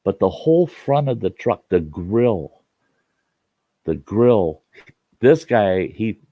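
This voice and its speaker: A man's voice: on the low side, very animated, takes it slowly, no room sound, highs cut off. A man telling a folksy story in a rambling, casual way, hosting his own show and often restarting his sentences. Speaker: storyteller host.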